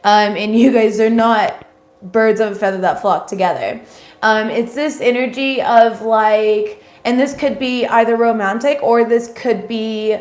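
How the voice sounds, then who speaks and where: A woman's voice: fairly high pitch, a little slow, darkish tone. A woman giving a casual livestream tarot reading, rambling and swearing freely with many ums. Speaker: tarot reader. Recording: roomy echo.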